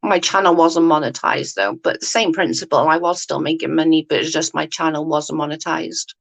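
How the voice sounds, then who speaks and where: A woman's voice: low voice, little pitch movement, brisk, gravelly, poor audio. A woman on a casual livestream, rambling and correcting herself, often asking if the listener follows her. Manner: rambling, self-correcting, often asks "do you know what I mean". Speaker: YouTube commentator. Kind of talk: casual livestream chat, reading viewer comments.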